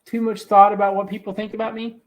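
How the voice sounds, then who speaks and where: A raspy-voiced man hosting a casual live stream, joking and teasing in a rambling way. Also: high-pitched, level tone, fast talker. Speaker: host of a farm channel live stream.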